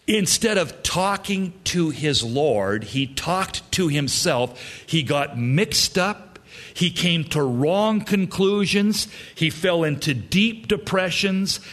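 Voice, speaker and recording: A man's voice: a little high, lively intonation, slow pace, fairly bright tone. A man preaching a sermon in an emphatic, repetitive way. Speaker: pastor.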